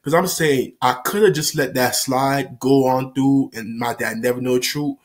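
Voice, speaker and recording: A man vlogger telling a story in a casual, slangy, animated way. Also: mid-range voice, moderate pace.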